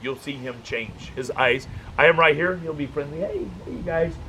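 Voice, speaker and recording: A man leading a dog-training workshop, telling jokey stories in a casual, animated way. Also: on the high side, normal speed, noisy background. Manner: animated, joking storyteller. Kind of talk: casual workshop talk with anecdotes.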